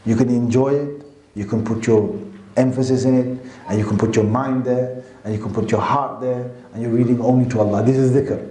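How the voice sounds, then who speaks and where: A man's voice: mid-range voice, steady tone, brisk, dark tone. A man preaching a sermon in a casual, conversational teaching style. He often checks in with his listeners and sometimes breaks into chanted verses. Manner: chants Quranic verses and dhikr. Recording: echoey room.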